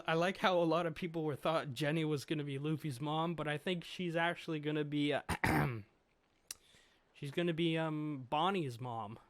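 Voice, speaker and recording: A man's voice: a little high, dry recording. A man giving a chatty, rambling comic review, swearing casually as he thinks aloud.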